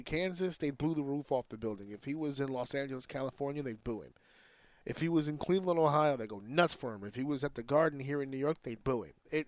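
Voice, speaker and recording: A man's voice: mid-range voice, dry recording. A man hosting a casual podcast, talking in an opinionated, rambling way and swearing freely. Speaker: podcast host.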